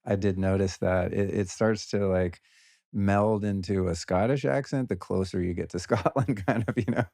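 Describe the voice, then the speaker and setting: Deep, mellow American man hosting. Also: steady tone, normal speed, creaky, dry recording, clean studio sound. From United States. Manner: enthusiastic, laughs often, repeats words. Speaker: podcast host. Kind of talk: casual interview chat.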